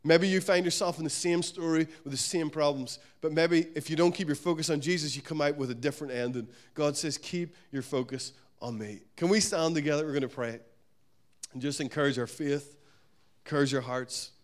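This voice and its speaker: Emphatic preaching man, fairly high voice. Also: brisk. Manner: emphatic and repetitive, swinging between loud declarations and soft quiet lines. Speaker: pastor. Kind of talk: sermon. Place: church service.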